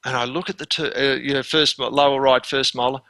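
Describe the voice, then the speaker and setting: A man in his sixties, a dental consultant telling stories as an interview guest, animated and quick to act out scenes, often repeating words as he restarts. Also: mid-range voice, no room sound, low-quality recording. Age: 60s.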